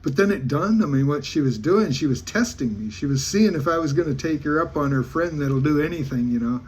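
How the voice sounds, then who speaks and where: A man's voice: a little high, lively intonation, a little fast, a little mellow, slightly rough. A man from Alaska, a travel vlogger, telling a rambling, folksy story in casual talk with many restarts.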